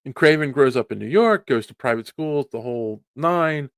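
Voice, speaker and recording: A man's voice: medium pitch, moderate pace, clear, resonant tone, no echo. Dry-sounding man rambling about a movie. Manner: rambling, animated, many restarts. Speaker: podcast co-host. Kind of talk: casual chat, movie review.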